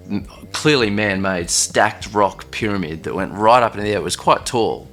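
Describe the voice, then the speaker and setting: Man, very low voice, loose halting storytelling, faint music underneath. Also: pushed and bright. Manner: loose and halting, many fillers and restarts. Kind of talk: casual first-person storytelling.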